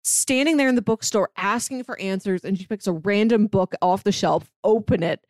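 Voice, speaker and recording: A woman co-hosting a casual book discussion podcast, relaxed and often saying "like". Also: mid-range voice, normal speed, no room sound, studio quality. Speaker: podcast co-host.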